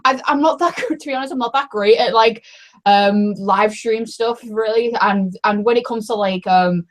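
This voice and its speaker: A woman's voice: a little high, moderate pace. A woman chatting casually as a guest, hesitant, with many restarts and fillers. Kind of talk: casual chat.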